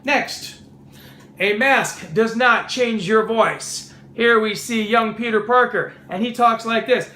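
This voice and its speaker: A man's voice: high-pitched, takes it slowly, bright, forceful tone, reverberant, slight background noise. A man hosting a casual movie review vlog, sarcastic and mocking.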